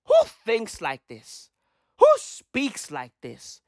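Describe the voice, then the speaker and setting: Slow, swearing man ranting on a podcast. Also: on the high side, very animated, no echo, clean studio sound. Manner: emphatic, repetitive, heavy swearing. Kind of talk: profane ranting commentary.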